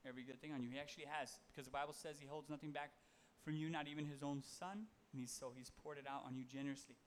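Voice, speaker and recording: A man's voice: fairly high pitch, fairly even intonation, quick pace, slight background noise. A man giving a casual, conversational sermon, reading Bible verses and talking them through with fillers and self-corrections. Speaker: preacher.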